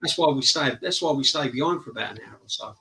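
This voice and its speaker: A man's voice: medium pitch, animated, fast talker, sharp tone, low-quality recording. A man chatting earnestly on a video call, repeating points for emphasis. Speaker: season ticket holder guest. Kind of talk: casual chat.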